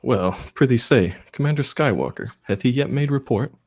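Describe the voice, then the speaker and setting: A man's voice: medium pitch, expressive, normal speed, darkish tone, lightly acted. A man reading a kindly rebel general in Shakespearean-style verse. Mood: solemn.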